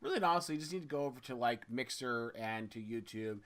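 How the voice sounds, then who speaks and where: A man's voice: medium pitch, expressive, fast. A man hosting a gaming podcast in casual chat, upbeat and teasing, laughing readily. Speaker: podcast host.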